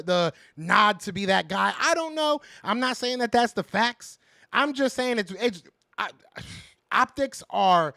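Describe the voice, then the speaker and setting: A man's voice: high-pitched, gravelly, bright, forceful tone, no echo, clean studio sound. A man hosting a casual fan podcast, ranting in frustration, repeating himself and answering viewers' chat. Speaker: podcast host reading live chat.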